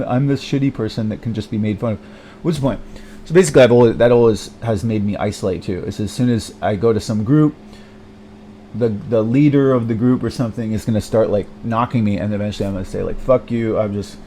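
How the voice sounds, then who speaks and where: A man's voice: mid-range voice, mellow, a little hiss or hum. A young man in a rambling personal monologue, hesitant and self-deprecating, full of fillers, restarts and swearing. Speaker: vlogger.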